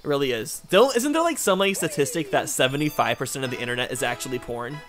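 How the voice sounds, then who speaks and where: A man's voice: mid-range voice, expressive, fast talker, a bit bright, soft background music. A young man in casual gaming banter, teasing and cracking crude jokes. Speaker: gaming commentator.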